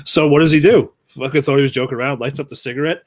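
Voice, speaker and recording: A man's voice: medium pitch, fairly even intonation, fairly quick, no room sound. A man co-hosting a casual podcast, telling crude, profanity-filled Navy stories and laughing often. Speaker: podcast co-host; Navy veteran.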